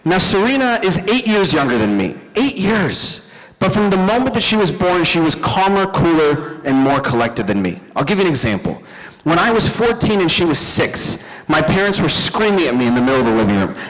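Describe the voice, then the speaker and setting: A young man doing a stand-up comedy set, telling animated stories and talking to the crowd. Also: on the high side, fairly quick. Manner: animated storytelling, addresses the crowd. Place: event hall stage. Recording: live hall with long reverb.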